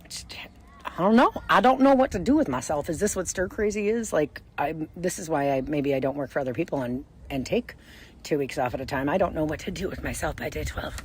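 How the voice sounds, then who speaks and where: A middle-aged woman with a notably low voice talks casually to the camera in her vlog. She rambles, breaks off mid-thought and restarts, and keeps an easy chatty flow. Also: a little mellow, slightly rough. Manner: rambling, self-interrupting, chatty. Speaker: vlog host. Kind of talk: casual chat.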